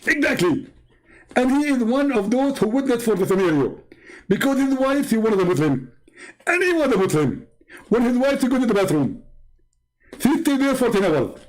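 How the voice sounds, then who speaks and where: A man's voice: extremely high pitch, very animated, moderate pace, long pauses, pitched above the performer's own voice, low-quality recording. A man doing a smug, pompous preacher impression. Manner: pompous, condescending, talks in a mock accent.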